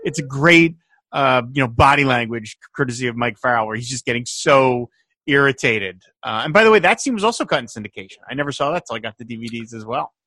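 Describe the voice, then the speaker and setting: Man, podcast co-host, casual chat, animated, laughs often, mid pitch, dry recording. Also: quick pace, dry recording.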